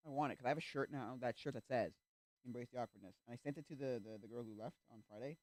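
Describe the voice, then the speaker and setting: A male streamer in casual chat, rambling with restarts and acting out little quoted exchanges, sometimes breaking into loud rants. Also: medium pitch, quick pace, no room sound. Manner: gets loud and ranting.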